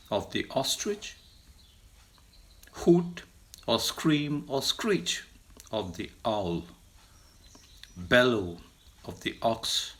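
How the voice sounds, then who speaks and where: A man teaching vocabulary, slowly and deliberately listing words for animal sounds, lifting his voice on the sound words. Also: vocal fry, fairly bright tone. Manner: slow, deliberate listing, lifts pitch to mimic sounds. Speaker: language teacher. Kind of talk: slow vocabulary lesson.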